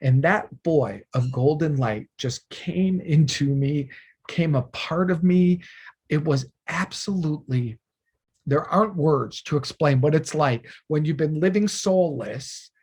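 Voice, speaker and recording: Husky man telling a heartfelt story. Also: a little high, measured pace. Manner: earnest, emotional, with many restarts and soft drops in volume. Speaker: spiritual teacher. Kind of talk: personal storytelling.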